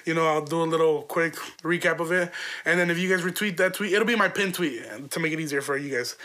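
A man's voice: a little high, bright, forceful tone. A young man hosting his own podcast, telling a story in a loose, profane, casual way with laughs along the way. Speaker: podcast host.

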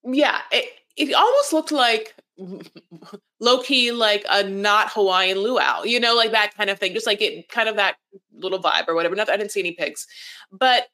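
A woman's voice: medium pitch, normal speed, sharp tone. A woman in her forties co-hosting a podcast, chatting loosely in a rambling way about a reality show and acting out quoted voices. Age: 40s. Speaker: podcast co-host. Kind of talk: casual chat recapping reality TV.

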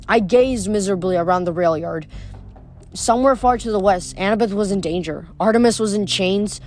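A woman's voice: medium pitch, fairly quick, darkish tone, slight background noise. A woman reading a novel aloud in a plain voice, with small stumbles and self-corrections. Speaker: audiobook reader.

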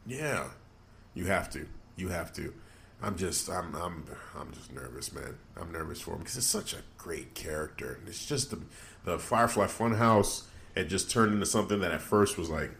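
Young guy on a podcast, kinda low voice, gets loud and shocked a lot. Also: moderate pace, gravelly, a little hiss or hum. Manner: animated, exclaims in disbelief. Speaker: podcast co-host. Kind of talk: casual wrestling podcast chat.

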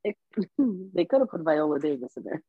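A woman co-hosting a casual podcast, jumping in with emphatic points. Her voice is slightly husky, and the recording is dry and close. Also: lowish voice, very animated, normal speed, no echo, narrow, tinny audio. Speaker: podcast co-host. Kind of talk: casual chat.

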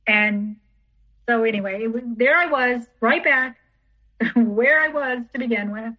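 A woman's voice: on the high side, measured pace, sharp tone. Woman telling her story, repeating herself. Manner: rambling, repeats herself, acts out others' lines. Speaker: podcast guest; teacher. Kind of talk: personal storytelling in an interview. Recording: dull lo-fi recording.

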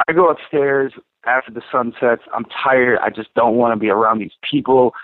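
A man's voice: mid-range voice, no room sound. Male podcast storyteller, loose and profane, on a thin phone-like line with a dead-dry sound. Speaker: podcast co-host. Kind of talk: casual storytelling.

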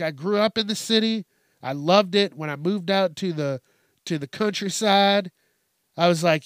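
A man's voice: high voice, dry recording, studio quality. Profane, rambling male comedy ranter. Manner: rambling, swears constantly, laughs at his own jokes. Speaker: podcast host.

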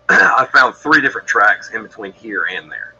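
Man, deep voice, bright forceful tone, rambling matter-of-fact storyteller, slightly muffled recording. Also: a little slow, slightly rough. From Georgia, USA. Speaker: guest describing encounters. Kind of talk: casual storytelling on a podcast.

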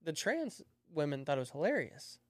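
A man's voice: fairly high pitch, big pitch swings, moderate pace, dry recording. A man in his thirties, a comedian guest on a podcast, telling profane stories in casual chat and acting out what people said to him. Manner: profane storytelling, acts out quoted voices.

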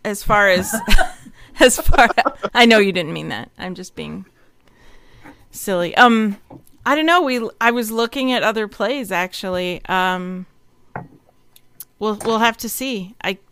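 Woman host, casual wrap-up talk, lots of ums, smooth voice. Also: medium pitch, a little slow, long pauses, fairly bright tone. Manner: chatty, giggly, many fillers. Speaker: host and organizer of the reading. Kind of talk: casual stream wrap-up chat.

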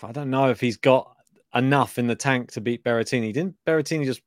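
Man, podcast co-host, casual chat, playful, hesitant, mid-pitched, dry sound. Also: fast talker, no echo. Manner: hesitant, laughs often, playful.

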